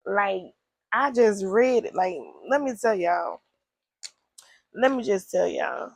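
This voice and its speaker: Gravelly-voiced woman retelling a story. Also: mid-range voice, unhurried, dry recording. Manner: animated, slangy, talks straight to listeners; laughs often. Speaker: host. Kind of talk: casual storytelling commentary.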